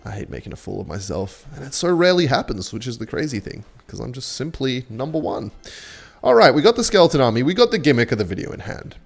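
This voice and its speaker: A man's voice: fast talker, creaky, slightly rough. Cocky, swearing young man commenting on gameplay. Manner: cocky, sarcastic, swears a lot, lively pitch swings. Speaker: gaming content creator.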